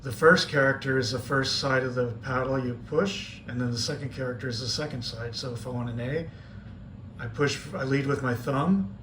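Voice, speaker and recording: A man at his home radio station giving a casual how-to demonstration, explaining in a relaxed way with frequent fillers. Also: medium pitch, normal speed. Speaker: ham radio operator explaining iambic keying. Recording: echoey room with audible background noise.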